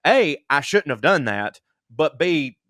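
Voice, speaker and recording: A man's voice: on the high side, very animated, takes it slowly, fairly bright tone, no room sound. Southern man reading listener mail, dry sound. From Southern United States. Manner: self-deprecating, laughs often. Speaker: podcast co-host. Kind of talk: reading listener emails aloud with comic asides.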